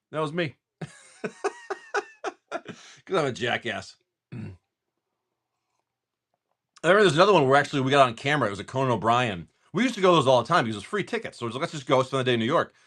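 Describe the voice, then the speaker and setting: Chatty, lively-voiced man opening card packs. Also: medium pitch. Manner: chatty, swearing, rambling storyteller. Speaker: livestream card-breaking host. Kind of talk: casual chat while opening card packs.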